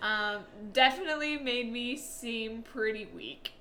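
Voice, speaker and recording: A young woman co-hosting a podcast in casual chat, playful and quick to laugh. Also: fairly high pitch, bright, forceful tone, slight background noise. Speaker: podcast co-host.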